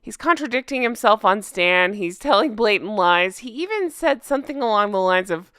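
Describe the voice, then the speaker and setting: A woman's voice: medium pitch, expressive, normal speed, pushed and bright, clear, resonant tone, no echo, clean studio sound. A woman hosting a casual commentary vlog, sarcastic and laughing often. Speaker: commentary channel host. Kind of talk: casual commentary vlog, reading news aloud.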